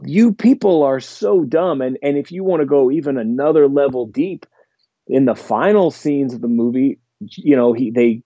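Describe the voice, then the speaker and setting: Mellow-voiced man rambling about horror films. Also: mid-range voice, normal speed, no room sound, dull audio. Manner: rambling, enthusiastic, many restarts and fillers. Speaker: podcast host.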